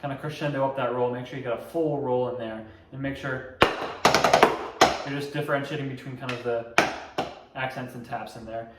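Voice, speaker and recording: Young male drumline tutor, relaxed step-by-step delivery, distant mic in a roomy space with loud noise behind. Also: medium pitch, a little fast, long pauses. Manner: relaxed, explains step by step, scats drum rhythms. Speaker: drumline instructor. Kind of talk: casual instructional tutorial.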